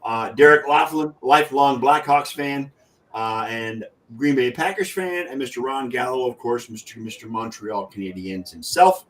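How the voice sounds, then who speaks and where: A man's voice: medium pitch, normal speed, fairly bright tone, distant mic. A man hosting a casual sports talk show, rambling and restarting his sentences as he wraps up. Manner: rambling, self-correcting. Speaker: podcast host.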